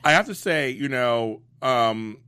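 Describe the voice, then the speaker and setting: A man's voice: medium pitch, animated, slow, pushed and bright, clear, resonant tone. A man co-hosting a casual talk show aftershow, chatty and laughing often. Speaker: co-host. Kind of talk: casual chat.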